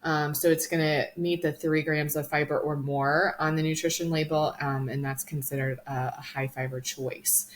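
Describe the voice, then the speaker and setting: A woman's voice: sits low, slight background noise. A woman co-hosting a nutrition podcast, explaining in a casual, informative way with many ums. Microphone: studio microphone.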